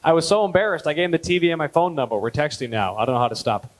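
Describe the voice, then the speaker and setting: A man's voice: racing, poor audio. Man in his thirties doing stand-up. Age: 30s. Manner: deadpan storytelling, with lively jumps in pitch on punchlines. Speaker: stand-up comedian. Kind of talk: stand-up comedy set. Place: gala event hall.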